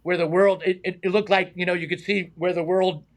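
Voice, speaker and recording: A middle-aged man, a stunt man telling animated anecdotes in a casual interview, acting out the voices of the people in them and laughing often. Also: high voice, brisk. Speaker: stunt man and high diver, guest.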